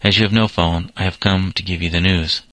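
A kind, calm doctor's wife from a storybook, voiced by a male reader. Her lines sit low with a bright edge, in a close, dry recording. The reading stays near the narrator's own voice. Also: fairly quick, dry recording, rough recording. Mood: gentle.

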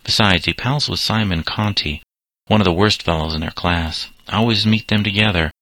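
Man doing a storybook schoolboy, plaintive, defensive, low, bright. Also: moderate pace, dry recording. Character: schoolboy son, defensive and hurt.

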